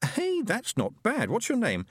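A man's voice: high-pitched, wildly swooping pitch, unhurried, husky, no room sound, voice pushed up, full character voice. A man voicing an earnest, somewhat awkward young man who speaks hesitantly and with mild bemusement.

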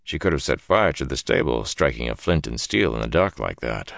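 A man voicing a calm, soft-spoken older companion who talks quietly and measuredly. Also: very deep voice, brisk, vocal fry, dry recording, clean studio sound, pitched below the performer's own voice, heavily acted.

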